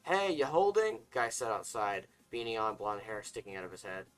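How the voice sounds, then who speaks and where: A man's voice: on the low side, steady tone, brisk, bright, forceful tone, smooth, soft background music, rough recording. A man casually reading fiction aloud, stumbling and restarting now and then. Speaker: story reader.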